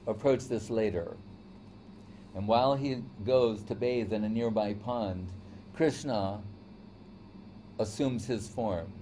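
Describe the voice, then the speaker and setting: A man's voice: medium pitch, mellow, a little hiss or hum. A man teaching a devotional lecture in a conversational storytelling way, often checking in with "right?". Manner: storytelling, acts out quoted voices. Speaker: spiritual teacher.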